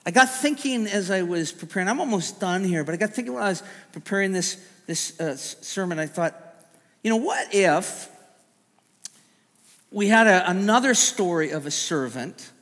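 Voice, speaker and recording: A middle-aged man preaching a sermon, animated and stammering into restarts as he acts out the voices he quotes. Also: sits high, moderate pace. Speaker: pastor. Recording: long hall reverb.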